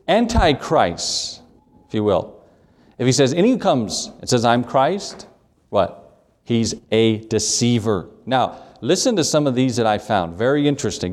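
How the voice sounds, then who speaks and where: A man's voice: medium pitch, darkish tone. A man preaching a sermon in a church, reading scripture aloud and hammering his points with emphatic repetition. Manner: emphatic, repeats key phrases, reads scripture in old English.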